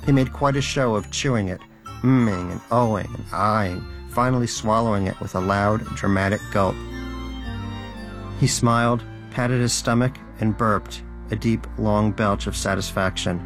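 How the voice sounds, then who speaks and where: A man's voice: on the low side, unhurried, over music. A man narrating a comic story in a dry, wry storytelling manner. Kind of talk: audiobook narration.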